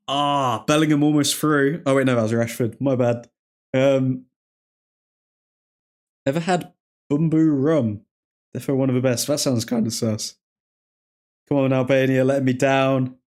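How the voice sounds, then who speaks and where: A man's voice: medium pitch, darkish tone. A man with an English accent casually hosting a football watchalong, chatting and reacting to viewer comments. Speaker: livestream host.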